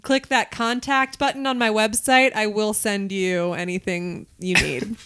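A woman's voice: mid-range voice, fairly even intonation, a little slow, fairly bright tone, clean tone, no echo. A woman comedian chatting casually on a podcast, hesitant with many fillers. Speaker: comedian guest.

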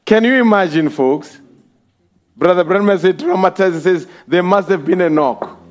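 A man preaching with fiery passion, his voice pitched unusually high for a man. He shouts through the peaks, calls out hallelujah and slips into the voices of the people in his stories. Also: normal speed. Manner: impassioned, often shouting, cries of hallelujah; acts out quoted voices while storytelling. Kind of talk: fervent sermon.

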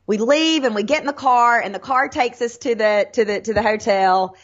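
Lively Southern woman telling stories. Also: fairly high pitch, normal speed, dull audio. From Tennessee. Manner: animated storytelling, acts out quotes. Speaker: guest, sales trainer. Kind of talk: casual interview chat.

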